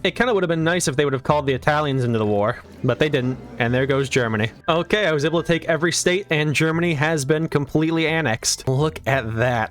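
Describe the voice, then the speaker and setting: Rapid-fire sarcastic gaming commentator, man. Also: on the high side. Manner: sarcastic, irreverent joking. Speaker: gaming video creator. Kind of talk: strategy game commentary.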